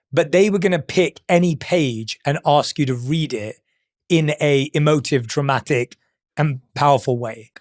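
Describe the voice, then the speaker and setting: A man in casual podcast chat, telling a story about his past in a steady way. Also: a little high, no room sound, studio quality.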